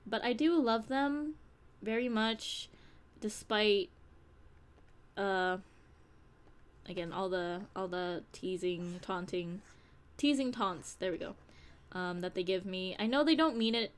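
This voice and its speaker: A young woman chatting frankly on a live stream, at an ordinary mid pitch for a woman. She rambles from thought to thought and curses casually, as if talking to friends in her community. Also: slow. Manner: candid, rambling, swears casually. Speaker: streamer and audio creator.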